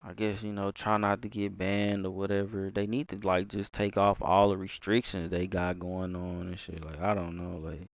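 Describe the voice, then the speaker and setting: A young man with a low, gravelly voice rants in a loose, filler-packed way. He swears freely and trails off often. The sound is close and dry, with no room around it. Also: little pitch movement, moderate pace, few pauses, no echo. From Texas. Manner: loose, filler-heavy talk with lots of swearing and sighs. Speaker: gamer streamer. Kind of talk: casual rambling rant.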